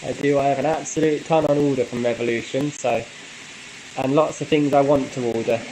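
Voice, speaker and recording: A man hosting a casual live stream, chatting in a relaxed way and answering viewer comments with frequent light laughs. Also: mid-range voice, fairly quick, a little hiss or hum, poor audio. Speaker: model railway channel host.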